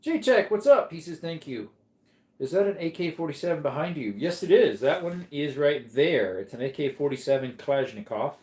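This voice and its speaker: A man's voice: fairly high pitch, expressive, brisk, a little mellow. A man hosting a casual livestream from home, chatting in a laid-back way and answering viewer comments. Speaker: livestream host reading chat. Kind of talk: casual live-stream chat. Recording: echoey room.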